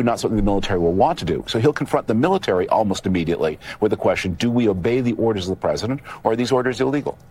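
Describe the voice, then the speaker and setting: A man's voice: on the low side, darkish tone, slightly rough. A man, a political commentator, giving an urgent, explanatory answer in a television interview clip.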